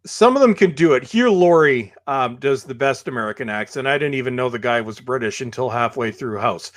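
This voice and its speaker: Canadian guy, guest in a casual chat, middle pitch, lots of uhs and restarts. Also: animated, fairly quick. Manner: hesitant, many fillers and restarts, self-deprecating. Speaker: podcast guest.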